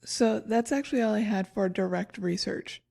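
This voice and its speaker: A woman's voice: medium pitch, moderate pace, creaky, darkish tone. A woman co-hosting a podcast, reading her research notes in casual chat and laughing at her own stumbles. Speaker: podcast co-host.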